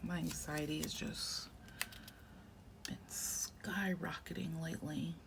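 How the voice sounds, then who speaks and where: A woman in her thirties chatting casually while she works on her journal, talking softly and often half-whispering, rambling with lots of "like". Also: low voice, takes it slowly, gravelly. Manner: rambling with many "like" fillers. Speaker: planner vlogger. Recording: steady background noise.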